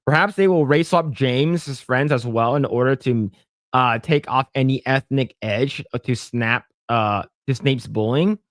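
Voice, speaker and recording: Speaking a little slowly in a mid-range voice, this podcast co-host reads listener comments aloud in a clean studio recording with no echo. He's jokey, keeps stammering and restarting, and slips into mock voices.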